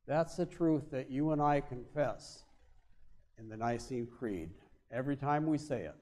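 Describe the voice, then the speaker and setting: A male pastor preaching a sermon, with emphatic stresses that drop to quiet, low endings. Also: measured pace. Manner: emphatic, swings between loud stresses and quiet drops.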